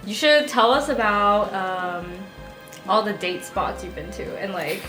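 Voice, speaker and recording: A young woman hosting a casual podcast chat, playful and quick to react. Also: mid-range voice, expressive, echoey room, over music. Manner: playful, reactive, laughs often. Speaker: podcast host.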